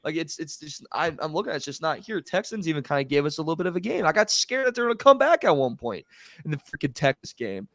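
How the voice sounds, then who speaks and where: A man co-hosting a sports podcast, animated and incredulous in casual chat. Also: on the high side, quick pace, dry recording. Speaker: podcast co-host.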